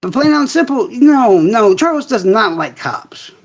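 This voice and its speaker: A man's voice: sits high, very animated, unhurried, muffled recording. A man hosting a casual livestream, ranting in heavy profanity and answering viewers' comments directly. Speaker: livestream host.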